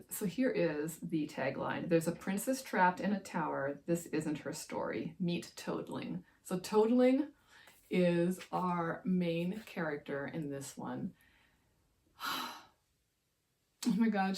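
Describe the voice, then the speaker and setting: A woman's voice: mid-range voice, darkish tone. A woman who writes romance, chatting casually and enthusiastically about books she loved, wandering into side stories. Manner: gushing, digressive, enthusiastic. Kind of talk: casual book-review chat.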